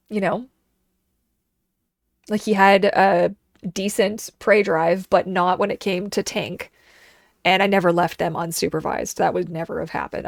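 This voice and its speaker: A woman in her thirties streaming and chatting casually, telling animated stories and acting out the voices of people and her dogs. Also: mid-range voice, vocal fry, no room sound, studio quality. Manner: animated storyteller, acts out quoted voices. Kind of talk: casual chat.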